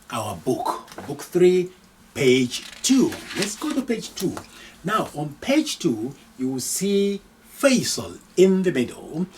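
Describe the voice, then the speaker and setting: A man's voice: mid-range voice, darkish tone. A man teaching an Arabic lesson, patiently repeating each phrase and giving its translation. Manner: reads sample lines slowly for pronunciation. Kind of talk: recorded language lesson. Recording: voice picked up from a distance.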